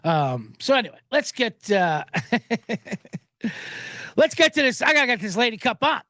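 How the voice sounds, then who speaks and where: A man's voice: very high voice, very animated, a little slow, pushed and bright, dry recording. Guy rambling about betting, swears a lot, voice jumps all over, dry close sound. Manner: profane, joking, rambling asides. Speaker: sports betting podcast host. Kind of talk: casual rambling commentary.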